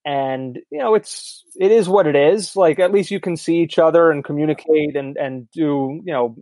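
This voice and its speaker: A man's voice: fairly high pitch, moderate pace, warm tone, no room sound. A man in his thirties co-hosting a podcast, talking candidly and rambling a little as he chats. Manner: candid, rambling, self-deprecating. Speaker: podcast co-host. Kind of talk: casual chat.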